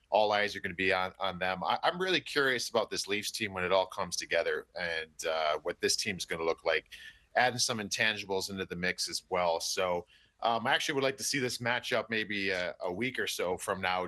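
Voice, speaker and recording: A man giving hockey analysis on a sports talk show, rambling and restarting as he thinks out loud. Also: low-pitched, no room sound.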